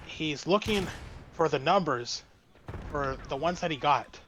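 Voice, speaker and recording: A man chatting casually as an interview guest, telling a long story that wanders with frequent restarts. His voice sits slightly high for a man, and a light hiss of noise runs underneath. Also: lively intonation, unhurried, fairly bright tone. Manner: rambling, with many restarts and fillers. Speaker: streamer guest.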